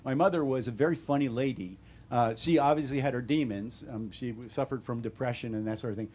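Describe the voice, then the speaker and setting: A man in his seventies with an American accent, an author telling wry, deadpan stories at a bookstore talk. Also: medium pitch, fairly quick. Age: 70s. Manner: wry, deadpan humor with animated quoted voices. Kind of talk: casual storytelling Q&A. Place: bookstore event room.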